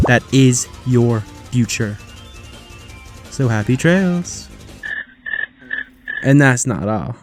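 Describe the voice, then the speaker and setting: A man rants in mock outrage as a comedy host, swearing freely and overplaying his indignation. His voice sits at an ordinary pitch, with faint music behind him. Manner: profane, over-the-top mock indignation.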